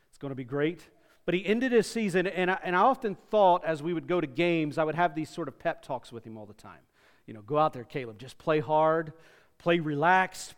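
High-voiced preacher in a reverberant hall. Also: male voice. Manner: earnest, conversational preaching with repeated words. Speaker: pastor. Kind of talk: sermon. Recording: long reverb of a large hall.

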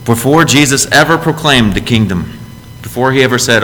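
A man preaching a sermon as pastor, in a conversational style that lifts into emphatic, louder phrases. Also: fairly quick. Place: church sanctuary. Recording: long reverb in a church hall, faint rumble.

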